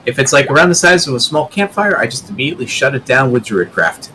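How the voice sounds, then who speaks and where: Man, tabletop player, jokey, hugely swinging pitch, faint room noise. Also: very animated, quick pace, bright, forceful tone. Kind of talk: playing a tabletop game.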